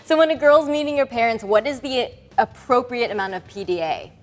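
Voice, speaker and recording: A woman's voice: on the high side, expressive, a little fast, big-room sound, soft background music. A woman co-hosting a casual chat, asking cheerful questions. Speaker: co-host.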